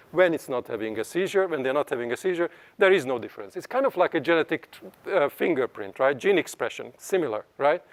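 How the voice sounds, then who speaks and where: A man giving a scientific seminar lecture in an animated way, often checking in with tag questions. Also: a little high. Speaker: seminar speaker.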